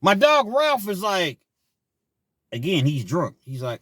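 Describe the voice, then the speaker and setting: A middle-aged man casually telling a personal story, laughing often and swinging between loud bursts and quiet asides. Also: high voice, huge pitch swings, slow pace, no echo, studio quality. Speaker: storyteller vlogger.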